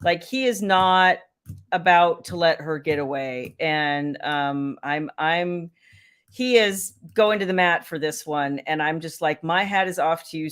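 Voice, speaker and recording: A woman's voice: sits low, smooth. A woman, chatting casually and laughing as host of a livestream. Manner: chatty, laughing, Southern "y'all". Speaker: romance author and livestream host.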